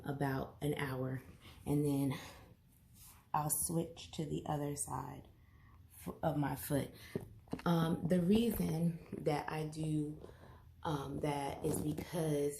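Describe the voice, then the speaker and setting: A woman talks through foot-pain exercises in an unhurried, low, mellow voice, chatty and apologetic, pausing with ums and restarts. She is recorded by a camera set back in a room with audible echo. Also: vocal fry, slight background noise. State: out of breath. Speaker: health educator. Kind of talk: casual home demonstration.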